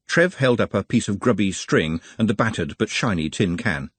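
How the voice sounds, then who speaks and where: A man narrating an audiobook in a scripted, expressive delivery. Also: lowish voice, normal speed, hardly any pauses, slightly rough, no echo.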